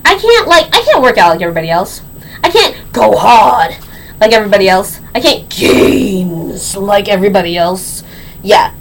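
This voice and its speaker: An eighteen-year-old woman telling a story on her vlog in a sassy, slangy, animated way. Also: sits high, a little hiss or hum, low-quality recording. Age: young adult. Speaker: vlogger.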